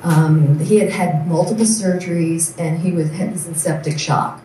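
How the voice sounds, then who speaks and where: A woman's voice: on the low side, steady tone, normal speed, dark tone, a little hiss or hum. Earnest woman speaking from far off in an echoey hall. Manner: earnest storyteller, acts out quoted voices. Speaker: nurse giving a testimony. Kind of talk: personal testimony speech. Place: large event hall.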